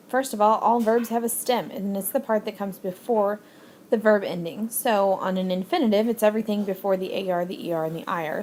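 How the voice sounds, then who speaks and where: A woman's voice: medium pitch, slight background noise. Patient woman teaching a video lesson. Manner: patient, explains step by step with frequent fillers. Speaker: Spanish teacher.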